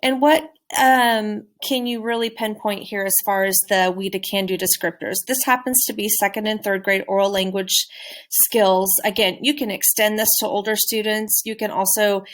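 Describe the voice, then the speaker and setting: A woman teacher giving a recorded presentation on a classroom game, speaking clearly and encouragingly. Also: medium pitch, steady tone, normal speed. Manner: clear, encouraging, with modeled questions.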